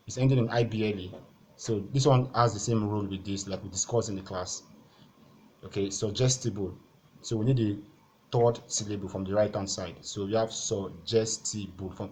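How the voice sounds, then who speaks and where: An exam-prep tutor walks through questions shown on screen, methodically repeating each rule and key point step by step. His voice is on the low side and a little mellow, with slight background noise.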